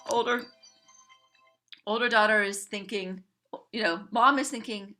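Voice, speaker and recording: A woman coaching parents, telling a family story to a group in an animated way and acting out the people in it. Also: mid-range voice, normal speed, faint music behind. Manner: animated, acts out quoted family members.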